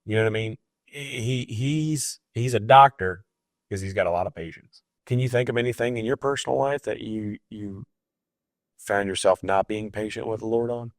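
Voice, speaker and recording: A man co-hosting a faith podcast with a low voice and a dry, close sound. He talks in a reflective, conversational way and fills his pauses often. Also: dry recording. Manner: conversational, reflective, many fillers. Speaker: podcast co-host. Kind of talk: casual chat.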